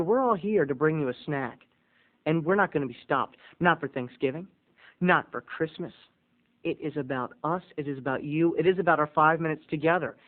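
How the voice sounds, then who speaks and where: A man hosting a video blog, telling a comic story with theatrical swings between booming and hushed. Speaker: vlog host. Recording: tinny phone-like audio.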